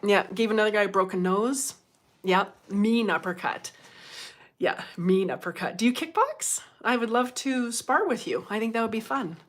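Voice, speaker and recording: A woman's voice: mid-range voice, expressive, normal speed. A middle-aged woman chatting casually on a livestream, laughing often and reading out viewer comments. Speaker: livestream host.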